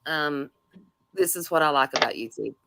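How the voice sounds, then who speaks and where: Low-voiced chatty woman livestream host. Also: normal speed, gravelly, fairly bright tone. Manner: chatty, laughs easily, uses fillers. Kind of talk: casual livestream chat.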